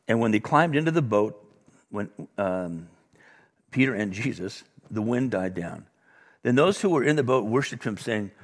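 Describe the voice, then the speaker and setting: A middle-aged man preaching a sermon, acting out the dialogue with sudden loud bursts and soft drops. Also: lowish voice, expressive, normal speed. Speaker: pastor.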